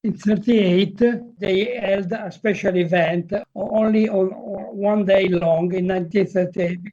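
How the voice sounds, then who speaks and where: An older man with a heavy Italian accent, giving a lecture over slides on a video call, halting and full of fillers. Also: high voice, steady tone, mellow. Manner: halting, with frequent fillers and restarts. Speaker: guest presenter, motor historian. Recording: muffled video call audio.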